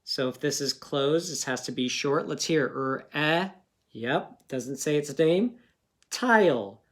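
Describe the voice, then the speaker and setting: A man teaching a phonics lesson to young pupils, sounding out words slowly and asking patient questions. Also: on the high side, animated.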